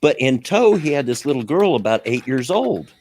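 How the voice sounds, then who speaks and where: A man's voice: medium pitch, very animated, normal speed, a little mellow, slight background noise. A man hosting a radio show, telling a rambling story in casual chat, chuckling often and full of fillers.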